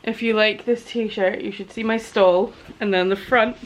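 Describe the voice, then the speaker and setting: An excitable woman in her thirties talks through her small-business vlog in a chatty, gushing way. Her voice sits at an ordinary middle pitch, and a faint hiss runs under the recording. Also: a little slow. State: out of breath in places. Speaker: small business owner, vlogger. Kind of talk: casual vlog chat. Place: home studio office.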